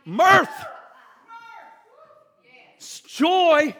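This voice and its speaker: A man preaching a sermon, retelling a story in an animated storytelling manner and shouting at the peaks. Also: very high-pitched, extremely slow, vocal fry, long reverb tail.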